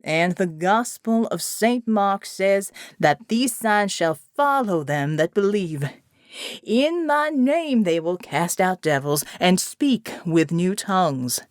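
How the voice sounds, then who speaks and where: A woman's voice: medium pitch, animated, slow pace, no echo, studio quality. A woman voicing a male pastor who preaches in a sing-song voice that rises and falls. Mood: preaching. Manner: sing-song, rising and falling.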